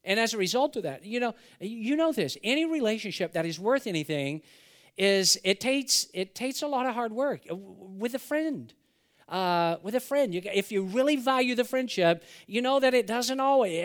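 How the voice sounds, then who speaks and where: Man, pastor preaching, high voice, folksy storytelling. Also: smooth. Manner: folksy storytelling, acts out quotes. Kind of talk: sermon.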